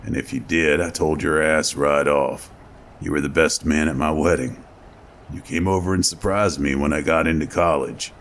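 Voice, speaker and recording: A blunt, foul-mouthed soldier friend in a spoken horror story, with a rock-bottom, gravelly voice, as a man reads him. He talks gruffly and earnestly, worn down. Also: a bass voice, fairly even intonation, normal speed.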